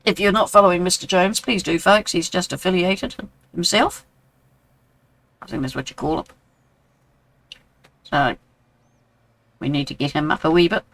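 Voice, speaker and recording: A man's voice: high-pitched, moderate pace, gravelly, long pauses, fairly bright tone, low-quality recording. A man in his sixties with a New Zealand accent, chatting casually with viewers while streaming a game and answering their messages. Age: 60s. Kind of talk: casual live-stream chat.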